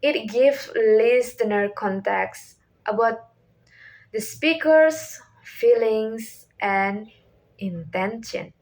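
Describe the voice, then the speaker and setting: Slow-speaking young woman reading a lesson. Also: fairly high pitch, a little mellow. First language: Indonesian. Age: young adult. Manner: reads questions and answers from a script, with small restarts and slips. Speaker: student presenter. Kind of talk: reading a class presentation.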